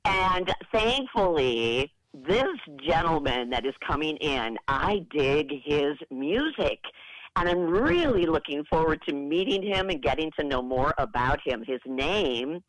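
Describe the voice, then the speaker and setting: A woman co-hosting a radio show, chatting in an upbeat, animated way. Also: deep voice, unhurried, dry recording, poor audio. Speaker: radio co-host. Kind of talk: casual on-air chat.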